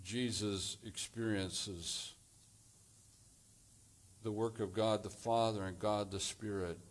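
A man preaching a sermon as pastor, deliberate and measured, delivering his points in short phrases. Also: lowish voice, steady tone.

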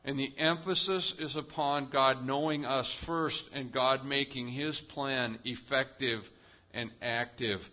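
A male pastor preaching a sermon with emphatic delivery, swinging between loud, high-pitched bursts and quiet, low drops. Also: fairly even intonation, slow pace, lo-fi sound. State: lives with chronic pain.

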